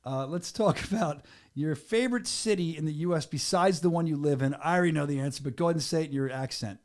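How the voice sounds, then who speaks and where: A man hosting a sports podcast, joking and hurrying through questions in an excitable way. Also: on the high side, quick pace. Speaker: podcast host and venue announcer. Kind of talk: casual podcast chat.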